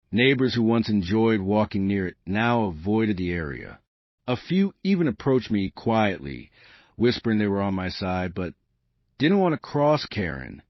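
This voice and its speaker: Guy reading a revenge story, low voice that swings up and down a lot, dry dull sound. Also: no echo. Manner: dramatic, emphatic storytelling. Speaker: narrator. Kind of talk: scripted first-person story narration.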